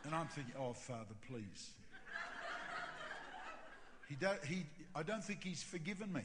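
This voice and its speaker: A man, a pastor telling a self-mocking funny story in a sermon, with animated delivery. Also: on the high side, fast, background noise. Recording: reverberant hall with faint ambience.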